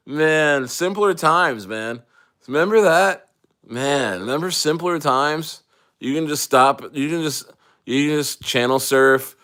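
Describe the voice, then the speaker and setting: A man's voice: fairly high pitch, bright, forceful tone, smooth. A man chatting casually on a livestream, loose and rambling with jokes and restarts, a little tipsy from wine. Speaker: crypto livestreamer.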